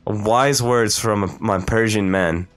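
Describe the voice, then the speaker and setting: A man's voice: on the low side, takes it slowly. A young man playing a game on stream, joking in crude, playful banter. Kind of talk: let's play commentary. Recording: faint game music behind.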